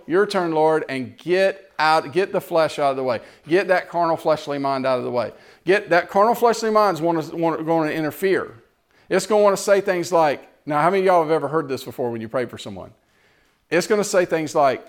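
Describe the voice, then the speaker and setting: A man preaching a sermon, swinging between loud exhortation and quiet storytelling. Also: on the high side, fairly quick. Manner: animated, rising to loud exhortation and dropping to quiet, tender storytelling.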